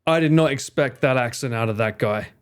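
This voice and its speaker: A man's voice: mid-range voice, a little fast, smooth. A man streaming live, reacting to ads with swearing, laughter and disbelief. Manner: swears a lot, laughs, incredulous.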